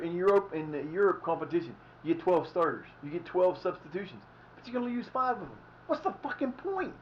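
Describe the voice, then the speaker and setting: A man's voice: fairly high pitch, slight background noise. A man casually chatting while streaming a football management game, rambling and swearing now and then. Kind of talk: casual live-stream commentary. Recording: slightly dull lo-fi mic.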